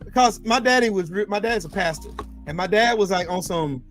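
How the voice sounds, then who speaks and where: Man, high voice, swooping pitch, profane animated storyteller, faint music behind. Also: fairly quick. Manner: animated, profane, swings between loud and low. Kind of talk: casual storytelling chat.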